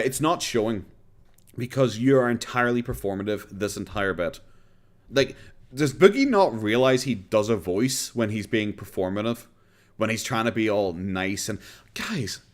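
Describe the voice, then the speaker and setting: An Irish man hosting a casual commentary stream, sarcastic and profane, breaking into laughter often. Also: medium pitch.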